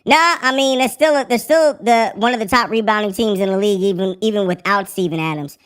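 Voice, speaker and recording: A young man hosting a live sports podcast through a squeaky pitch-shift voice changer, joking and swearing in slang. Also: a little fast, a bit bright, clear, resonant tone. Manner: joking, profane slang, mock breaking-news delivery. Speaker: podcast host.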